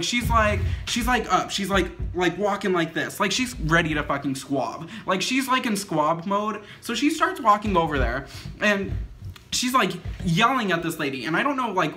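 A woman's voice: on the low side, a little hiss or hum. A young woman telling a story in a casual vlog, filling nearly every phrase with "like", swearing freely and acting out what people said. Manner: says "like" constantly, swears freely; animated retelling with acted quotes. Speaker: vlogger.

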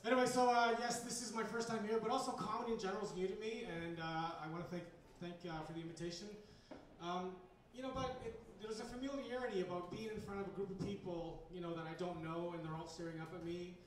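A man's voice: sits high, steady tone, quick pace, slight background noise. A man performing a stand-up comedy set at a bar's comedy night, talking in a rambling, hesitant way with lots of fillers. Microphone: handheld recorder in the audience. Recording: echoey bar room from far off.

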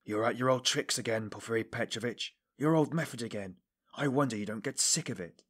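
Tormented young suspect, breathless and quiet, read by a man. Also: mid-range voice, brisk, slightly rough. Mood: scornful. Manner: hushed, breathless, irritable. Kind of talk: audiobook character reading.

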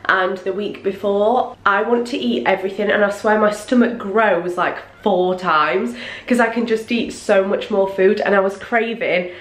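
A young woman vlogging casually, chatting on in a rambling, giggly way. Her voice sits at an ordinary middle pitch. The sound has the ring of a small echoey room. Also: moderate pace, hardly any pauses. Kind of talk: casual vlog chat to camera.

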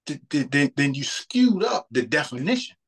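A man's voice: fairly high pitch, very animated, moderate pace, breathy edge. A man, talking about faith in a casual, earnest way and often repeating words as he thinks. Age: 30s.

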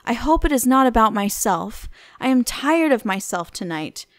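A woman reading the lines of a petulant, flippant young gentleman who is languid and bored. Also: fairly high pitch, big pitch swings, normal speed, no room sound, studio quality.

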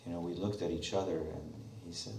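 Deep-voiced preacher in an echoey church. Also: male voice, steady tone, brisk, darkish tone, slight background noise. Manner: storytelling with rhetorical questions. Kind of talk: sermon. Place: church sanctuary. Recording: echoey church hall from a distant mic.

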